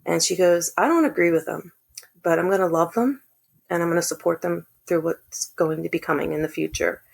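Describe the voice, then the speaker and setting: A woman's voice: fairly low pitch, a little fast, vocal fry. A woman guest earnestly telling a personal family story in casual conversation. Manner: earnest, animated when quoting others. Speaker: podcast guest.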